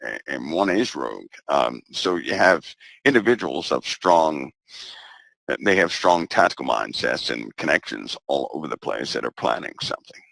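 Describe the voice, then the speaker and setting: Super deep gravelly guy, dry close sound, talks slow and repeats himself for emphasis. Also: big pitch swings, fairly bright tone, dry recording. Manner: measured, repeats phrases for emphasis. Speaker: guest. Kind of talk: casual conversation.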